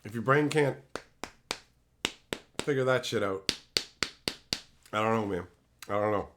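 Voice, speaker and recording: A man's voice: on the low side, measured pace, background noise. Profane, joking male livestreamer. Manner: crude, profane joking banter; riffs on viewer chat messages. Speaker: streamer. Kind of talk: casual livestream chat.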